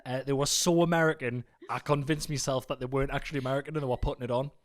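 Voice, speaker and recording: A man co-hosting a comic podcast, telling holiday stories in a lively, joking way and slipping into mocking voices. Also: mid-range voice, racing. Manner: animated storyteller, slips into mocking voices. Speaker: podcast co-host. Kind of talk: casual comic chat.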